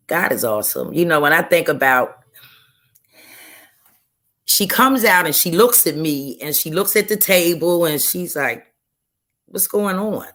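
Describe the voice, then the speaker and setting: A woman's voice: sits low, fairly bright tone. Earnest woman telling a personal testimony. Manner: slow, earnest storytelling with repeated phrases. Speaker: guest author. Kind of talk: emotional personal testimony in an interview.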